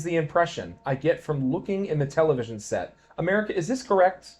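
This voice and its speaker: A man giving a dramatic poetry reading, swinging between quiet musing and loud declamation. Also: on the high side, very animated, brisk, hardly any pauses, soft background music. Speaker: poetry reader.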